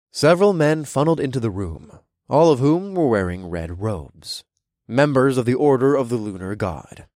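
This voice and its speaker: Animated male audiobook narrator. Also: medium pitch, normal speed, dry recording, clean studio sound. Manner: expressive, animated reading. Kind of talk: first-person story narration.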